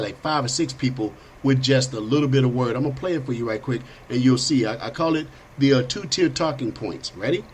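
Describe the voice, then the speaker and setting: A man's voice: mid-range voice, low-quality recording. A middle-aged man hosting a political talk show, blunt and rambling in a conversational way. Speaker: host. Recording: faint background noise.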